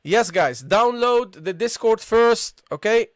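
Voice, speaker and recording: A man teaching an online Arabic lesson live, repeating points and checking in with viewers after nearly every phrase, and sounding out letters slowly for them to copy. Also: high voice, expressive, no room sound, clean studio sound. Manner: repetitive, checks in with "okay?" and "guys"; models pronunciations slowly.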